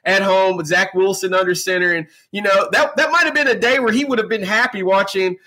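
A man's voice: sits high, brisk, bright, forceful tone. A man co-hosting a casual sports podcast, joking around with frequent restarts. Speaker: podcast co-host.

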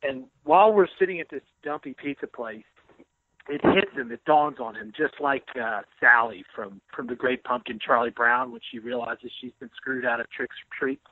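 A man's voice: mid-range voice, moderate pace, dry recording. A man who is a sports columnist, telling jokey stories in casual podcast chat over the phone. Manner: boisterous, joking storyteller. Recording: tinny phone line.

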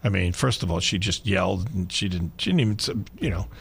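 A man in his sixties, a sports talk radio host, telling a story with lively energy and frequent laughter in a studio. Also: low-pitched, brisk, creaky, breathy edge.

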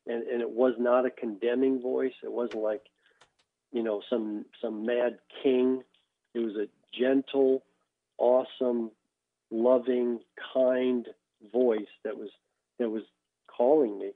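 A man, a former baseball pitcher, telling his faith testimony as a guest, halting and repeating words as he goes. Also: level tone. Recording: tinny phone line.

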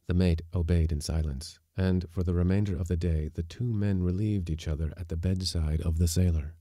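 A man reading a short story aloud as a podcast narrator, with measured, even storytelling. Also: deep voice, no echo, clean studio sound. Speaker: audiobook narrator. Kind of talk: scripted narration.

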